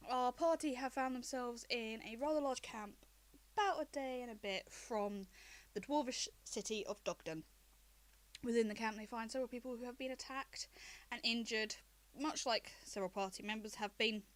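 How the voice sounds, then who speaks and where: A woman running a tabletop game as game master, recapping the story in a relaxed, chatty way. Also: fairly high pitch, normal speed.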